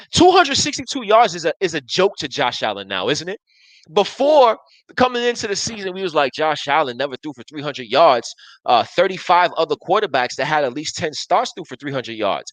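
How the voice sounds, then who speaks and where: A man's voice: a little high, a bit bright, dry recording, low-quality recording. A man in his thirties hosting a live sports talk show, arguing emphatically and restarting his sentences as he reads viewer comments. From Buffalo area, US. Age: 30s.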